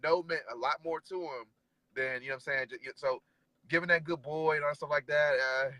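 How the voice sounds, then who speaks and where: Male guest, relaxed trainer, bright forward tone, dry close sound. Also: a little high, a little fast, no echo, poor audio. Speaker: guest dog trainer and decoy. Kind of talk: casual conversation.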